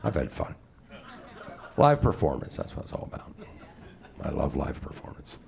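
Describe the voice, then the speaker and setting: A man's voice: a bass voice, very animated, normal speed, creaky, a little mellow. A middle-aged man doing a wry, rambling stand-up comedy set on a comedy club stage. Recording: noisy live club recording.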